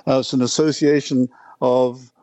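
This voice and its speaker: A man's voice: on the high side, a little fast, darkish tone, no room sound. A man talking with a radio host, explaining an upcoming event, fluent with a few restarts. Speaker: event organiser, guest. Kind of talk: casual radio interview chat.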